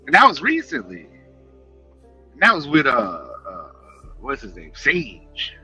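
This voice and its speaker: A man chatting casually on a live stream, talking in an animated, passionate way and swearing freely, speaking into a headset. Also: medium pitch, slow, lo-fi sound, faint music behind. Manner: animated, passionate, profane talk.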